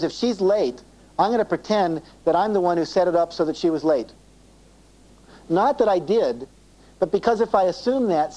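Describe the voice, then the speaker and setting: Mellow-voiced man giving a taped seminar. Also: on the high side, poor audio. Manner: acts out dialogue in quoted voices, asks the audience questions. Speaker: self-esteem seminar speaker. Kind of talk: live seminar talk to an audience. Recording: 1980s cassette tape recording of a seminar.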